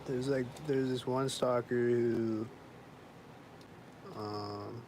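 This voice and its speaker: A man's voice: mid-range voice, steady tone, drawn-out words, a little mellow, slight background noise, rough recording. A man vlogging in a casual, rambling monologue, indignant and complaining, filling his talk with "like" and frequent swearing.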